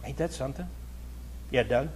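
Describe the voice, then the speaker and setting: A man's voice: medium pitch, moderate pace, background noise. A pastor preaching a conversational, folksy sermon to his congregation, chatting with listeners and then building to emphatic, raised points.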